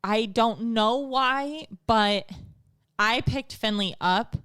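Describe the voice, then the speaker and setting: A woman's voice: a little high, takes it slowly, a bit bright, clear, resonant tone, no room sound, studio quality. A woman in her thirties co-hosting a podcast, chatting and telling a personal story with many "like" fillers. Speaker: podcast co-host. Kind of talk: casual chat.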